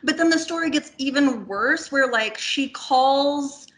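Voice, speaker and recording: Her voice sitting high and her pace a little slow, a woman guests on a film podcast, chatting casually and wandering off topic. She's animated, uses "like" heavily, and swears in passing.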